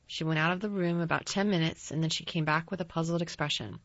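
A woman's voice: low-pitched, steady tone, quick pace, no echo. Woman reading a storybook, dry sound. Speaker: audiobook narrator. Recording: slightly dull dry recording.

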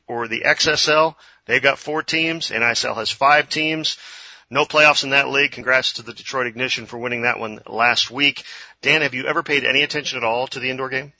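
A man hosting a soccer talk show, running through the news in a brisk, informative way with dry humor. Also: mid-range voice, sharp tone, dry recording, muffled recording. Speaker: soccer podcast host. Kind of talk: casual sports talk.

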